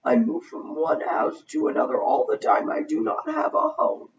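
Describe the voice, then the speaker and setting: A woman reading aloud, voicing a sad, queasy, homeless male ghost in a slow, eerie, raspy voice. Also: mid-range voice, far from the mic, highs cut off, slight background noise. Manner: slow, drawn-out.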